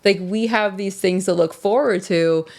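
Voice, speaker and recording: A woman's voice: medium pitch, moderate pace, a little mellow. A woman from West Virginia co-hosting a casual podcast chat, talking earnestly and chattily. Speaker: podcast co-host.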